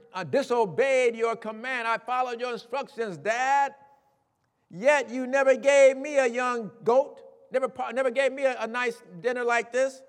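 A man's voice: extremely high pitch, a bit bright, smooth, long reverb tail, voice pushed up. A man voicing an indignant older brother who complains that his years of loyal service went unrewarded. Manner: complaining, incredulous.

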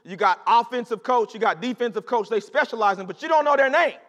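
High, bright-voiced preacher in a reverberant hall. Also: male voice, fast. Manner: animated, conversational preaching with repetition and call-outs to the congregation. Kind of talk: sermon. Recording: long reverb of a large hall.

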